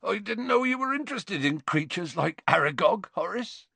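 A man voicing a huge, soft-hearted gamekeeper who speaks in rough rustic dialect, choked with grief and tears. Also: high voice, lively intonation, normal speed, no room sound, voice pushed up, full character voice.

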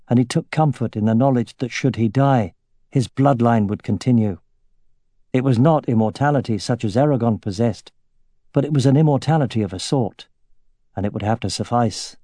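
Man narrating an audiobook, mellow and dry. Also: medium pitch, no echo. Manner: measured, steady storytelling.

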